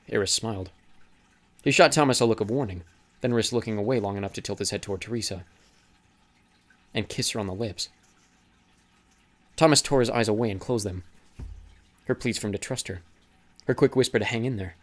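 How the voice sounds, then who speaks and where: A man narrating an audiobook in a steady, dramatic reading style. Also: lowish voice, fairly quick, long pauses. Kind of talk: scripted narration.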